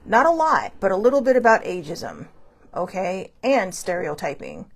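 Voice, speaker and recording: A woman hosts her show and tells a personal story in a loose, rambling monologue. Her pitch swings widely as she talks, and she keeps restarting sentences and filling pauses as she goes. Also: gravelly. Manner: rambling, chatty, frequent fillers and restarts; animated, laughs between thoughts. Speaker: show host. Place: Hawaii show.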